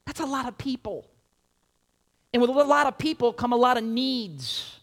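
Man preaching an emphatic, conversational sermon. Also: high-pitched. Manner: emphatic, conversational preaching with lively quoted asides. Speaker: pastor.

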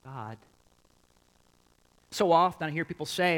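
A man's voice: fairly high pitch, a little slow, poor audio. A pastor preaching a sermon to his congregation, putting questions to his listeners and repeating key points for emphasis. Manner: animated, swinging from quiet to loud.

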